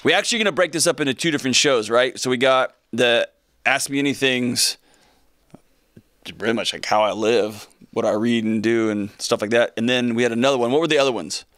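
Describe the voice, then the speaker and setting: A man hosts his studio show in a dry, close sound with no room around him. His pitch sits in an ordinary middle range, and he talks with energy, wanders off on tangents and throws in jokes as he goes. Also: brisk, no room sound. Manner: energetic, rambling, joking asides. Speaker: podcast host. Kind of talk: casual studio chat. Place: podcast studio. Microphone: studio mic with earphones.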